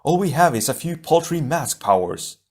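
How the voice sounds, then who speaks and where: A man doing a worried hero warrior from an audiobook, a bit higher than his own voice. He sounds doubtful and grumbling. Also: sing-song, moderate pace, darkish tone.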